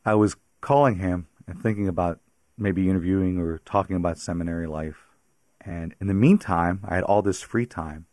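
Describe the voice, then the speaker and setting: A Pittsburgh-area priest, guesting on a radio interview, shares his faith story in a very deep, slightly mellow voice at normal speed. He's a chatty storyteller who laughs often, and the sound is dry and close with no room or echo.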